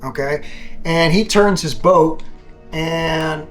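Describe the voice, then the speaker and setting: Male game master, fairly high voice, loose rambling narration, faint music under him. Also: takes it slowly, a bit bright. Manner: rambling, loose, many fillers and restarts.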